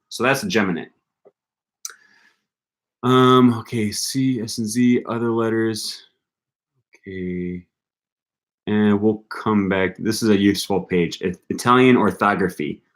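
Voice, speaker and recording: Young man, very low voice; casual live-stream study talk, thinks aloud, repeats sounds. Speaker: language-learning streamer.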